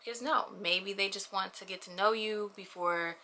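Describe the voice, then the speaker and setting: A woman's voice: medium pitch, fairly even intonation, normal speed, sharp tone. A young woman talking casually and animatedly to her camera in a personal vlog, often adding "you know what I mean.". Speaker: vlogger.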